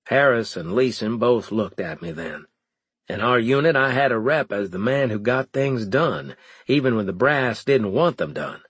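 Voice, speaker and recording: A man's voice: mid-range voice, animated, normal speed, a bit bright, slightly rough, no room sound. A man narrating a first-person audiobook in a wry storytelling manner.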